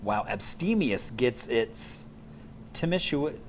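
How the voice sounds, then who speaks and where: A man's voice: mid-range voice, expressive, slow pace, a bit bright, a little hiss or hum. A middle-aged man co-hosting a casual morning show, talking in a playful, exuberant way. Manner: playful, exuberant, goofy sound effects. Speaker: co-host.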